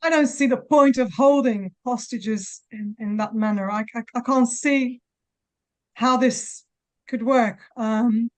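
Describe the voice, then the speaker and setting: A woman, a mother of hostages making an emotional, halting appeal at a press conference, near tears. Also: fairly high pitch. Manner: halting, many pauses and restarts.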